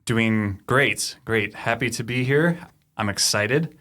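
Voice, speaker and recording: A man's voice: mid-range voice, slow, pushed and bright. A man playing a tabletop game, speaking in character in an affable, rambling way with lots of fillers. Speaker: player.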